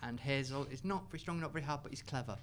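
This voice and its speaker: A man speaking as an author on a live panel discussion, enthusiastic, with quick asides and laughter. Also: mid-range voice, fairly bright tone, a little hiss or hum.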